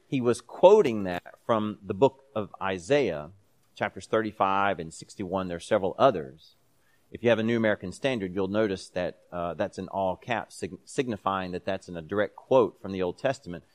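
A man leading a Bible class in a conversational way, reading scripture aloud with emphasis between casual explanations. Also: on the low side. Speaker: Bible study teacher.

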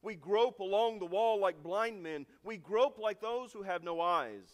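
A man preaching a sermon with dramatic swings from loud, emphatic lines to hushed endings. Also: high-pitched, expressive, unhurried. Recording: long reverb of a large hall.

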